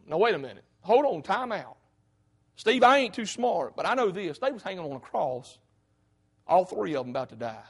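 High-pitched fervent preacher man. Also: sing-song, moderate pace, fairly bright tone, slightly rough. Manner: fervent, folksy, peppered with "hey". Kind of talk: sermon.

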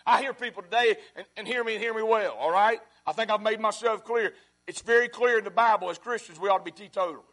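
A man preaching a sermon as pastor, repeating his phrases and swinging between loud and hushed. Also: sits high, fast talker.

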